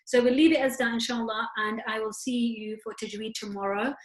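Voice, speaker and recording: A woman teaching Quran recitation rules in an online class. She explains each rule step by step and recites verses slowly. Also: fairly high pitch, steady tone, echoey room, low-quality recording. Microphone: video call.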